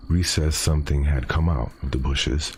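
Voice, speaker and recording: A man hosting a podcast, reading a first-person horror story aloud in a casual, profane way with dramatic pauses. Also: rumbling low, steady tone, slight background noise.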